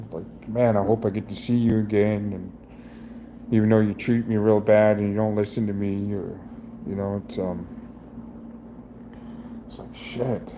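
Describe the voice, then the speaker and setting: A middle-aged man in a personal vlog, talking in a halting, rambling way with many restarts, emotionally raw and near tears. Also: lowish voice, dark tone, a little hiss or hum. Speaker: vlogger.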